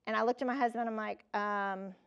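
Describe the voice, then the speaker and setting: A woman in her fifties giving a motivational keynote, telling personal stories in a lively, conversational way and talking straight to the audience. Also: fairly high pitch, fairly quick, clear, resonant tone, highs cut off. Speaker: keynote speaker.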